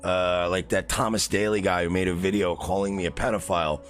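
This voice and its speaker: A man on a livestream, ranting and heckling in a loud, boastful, profane way. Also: deep voice, steady tone, fairly quick, soft background music.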